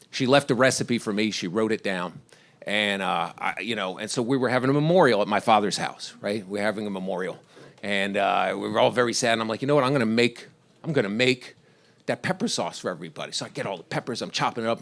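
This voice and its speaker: A man's voice: fairly low pitch, fairly bright tone. A middle-aged man from Washington, D.C., doing stand-up, rambling through stories and laughing at his own lines. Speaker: stand-up comedian. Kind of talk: stand-up set.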